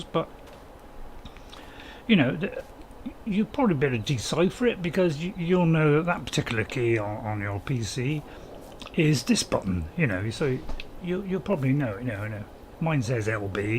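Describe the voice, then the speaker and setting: A man's voice: on the high side, a little mellow, a little hiss or hum. A man hosting a casual game let's-play, chatting with viewers in a rambling, apologetic way with frequent chuckles. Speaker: gaming channel host.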